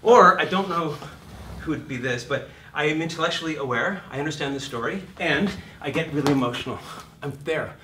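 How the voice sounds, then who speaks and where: A middle-aged man teaching acting in a lecture, swearing freely and acting out scenes with sudden shouts. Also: a little high, a little fast, recorded from a distance, a little hiss or hum. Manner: profane, acts out voices and shouts mid-talk. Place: lecture room. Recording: echoey room, heard from off mic.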